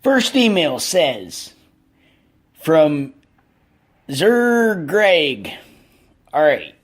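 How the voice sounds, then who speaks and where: A man's voice: fairly high pitch, big pitch swings, exaggerated voice. A man doing a comedic impression of a blustering, patriotic rock-star father, hosting a podcast with rambling, self-righteous stories. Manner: rambling, self-righteous storytelling with slow pauses. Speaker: podcast host.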